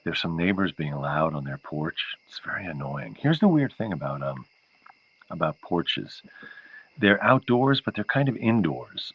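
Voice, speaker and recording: Deep-voiced man rambling to his stream. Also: big pitch swings, unhurried, husky. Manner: rambling and easily sidetracked. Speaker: livestream show host. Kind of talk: casual chat with viewers. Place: home, near an outdoor porch area. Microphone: laptop microphone. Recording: dull lo-fi sound.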